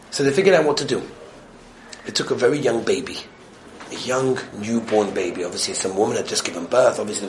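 A man giving a Torah lesson on the weekly portion, telling stories animatedly and moving between loud excitement and hushed tones. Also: fairly low pitch, slight background noise. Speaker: Torah teacher.

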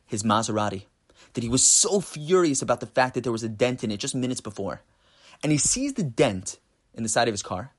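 Animated man giving an inspirational talk. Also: lowish voice. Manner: animated, emphatic, rising for emphasis. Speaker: teacher.

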